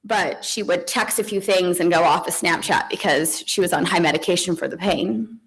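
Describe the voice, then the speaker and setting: A woman in her forties, a grieving mother giving a eulogy at a funeral home, halting with soft laughs, sighs and restarts. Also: on the low side, poor audio.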